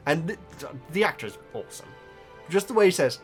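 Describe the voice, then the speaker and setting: Man, casual book-review chat, rambling, fairly high voice, faint music behind. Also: sing-song, fast talker, fairly bright tone. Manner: rambling, enthusiastic, laughs often. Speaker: YouTube reactor.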